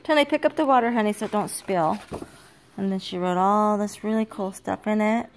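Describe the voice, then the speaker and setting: Older grandma with a gravelly voice. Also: female voice, mid-range voice, fairly quick, slight background noise. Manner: gives firm, fond commands to dogs and children. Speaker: grandmother filming her granddaughters. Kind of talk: casual home video chat. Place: home, indoors. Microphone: handheld phone camera.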